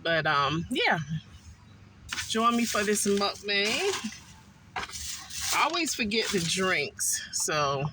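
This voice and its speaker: A man eating a meal in a car and chatting casually to his viewers, unhurried and full of ums. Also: high-pitched, big pitch swings, background noise. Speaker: food vlogger. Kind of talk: casual mukbang chat.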